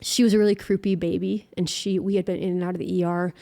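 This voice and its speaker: Young adult woman, interview guest; earnest, emotional, halting storyteller. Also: fairly low pitch, level tone, gravelly, warm tone. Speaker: guest musician. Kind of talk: personal faith story in an interview.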